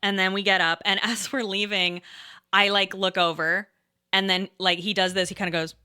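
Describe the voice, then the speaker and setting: A woman in her thirties casually telling a rambling story, pausing and restarting often and breaking into laughs. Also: mid-range voice, level tone, bright, forceful tone, smooth. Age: 30s. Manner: hesitant, rambling, laughing often, quotes herself and others.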